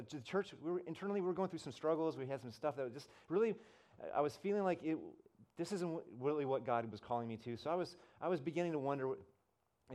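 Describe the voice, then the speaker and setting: A middle-aged man preaching as a pastor, telling a personal story with many restarts and repeated words, and his voice climbs high and loud at the big moments. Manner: animated storyteller, voice rises high and loud at the climax. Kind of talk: sermon storytelling.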